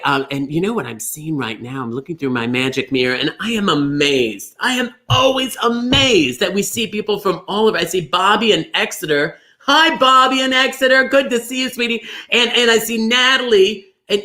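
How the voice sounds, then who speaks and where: A fussy, gushing middle-aged lady entertainer, played by a man, hosts a livestream and chats on and on. Her voice sits a little high and rings bright and forward. She drifts from thought to thought and greets each viewer by name. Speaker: livestream bingo host. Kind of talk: chatty livestream hosting in character.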